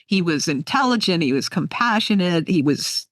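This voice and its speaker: A woman in her sixties, an author being interviewed, telling stories in an animated, heartfelt way. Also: fairly low pitch, normal speed, no echo, studio quality. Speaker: author guest. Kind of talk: conversational interview.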